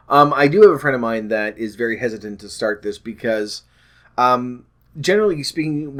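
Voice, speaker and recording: A man at an ordinary middle pitch, talking to camera about his weight-loss journey. He rambles, loses his thread, corrects himself with plenty of ums, and jokes about his own stumbles. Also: fairly bright tone. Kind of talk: casual talk to camera.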